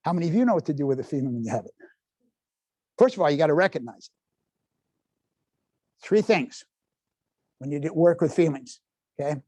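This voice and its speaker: Older man in his seventies, parenting workshop talk, higher-pitched voice, dry close sound, keeps quizzing the crowd. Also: fairly quick, long pauses, dry recording. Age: 70s. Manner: lively, quizzes the audience, folksy asides. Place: public library meeting room.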